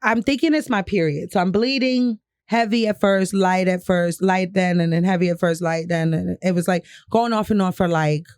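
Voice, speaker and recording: A woman's voice: lowish voice, normal speed, few pauses, a little mellow, no echo. A young woman from New York telling a personal story on a podcast, candid and profane, often laughing. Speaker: podcast co-host. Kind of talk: casual storytelling chat.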